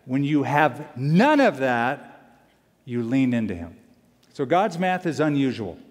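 A male pastor preaching a sermon, animated and emphatic, repeating key lines for weight. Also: mid-range voice, slow. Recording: long hall reverb.

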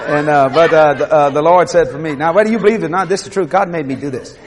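Animated high-voiced preacher telling stories. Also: male voice, a little fast, crowd noise, noisy background. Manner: animated, laughing, acts out scenes. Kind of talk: comic sermon storytelling.

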